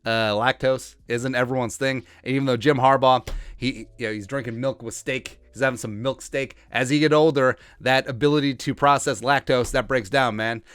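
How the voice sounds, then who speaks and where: A man hosting a sports podcast, riffing in a joking, rambling way and putting on quick mock voices for the people he talks about. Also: medium pitch, a bit bright, clean tone, no echo, studio quality. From Asian heritage, Minnesota fan. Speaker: podcast host. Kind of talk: comedic sports commentary.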